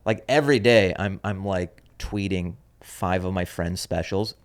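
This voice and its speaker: A man's voice: low voice, measured pace. A man hosting his own comedy podcast, telling a story in a wry, offhand, rambling way. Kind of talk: casual rambling monologue.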